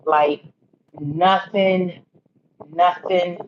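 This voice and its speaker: A woman's voice: fairly low pitch, steady tone, drawn-out words, muffled recording, background noise. A woman hosting a casual livestream, rambling and talking straight to her viewers. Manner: rambling, talks to viewers directly. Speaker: livestream host.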